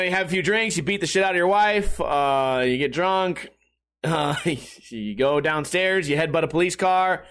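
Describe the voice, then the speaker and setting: A man's voice: fairly high pitch, fairly bright tone. A young man in a casual comedic rant, profane and sarcastic, rambling between jokes.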